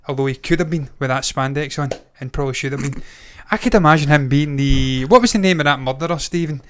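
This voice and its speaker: British man, thirties, co-host, jokey and sweary, slightly high voice, light-headed after giving blood. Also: fast talker, few pauses, smooth. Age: 30s. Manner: joking, swears a lot, rambling. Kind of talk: casual chat.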